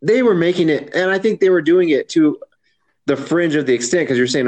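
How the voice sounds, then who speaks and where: A man co-hosting a podcast who gives his opinion in a measured, hesitant way. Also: on the high side, a little mellow. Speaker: podcast co-host. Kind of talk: casual podcast discussion.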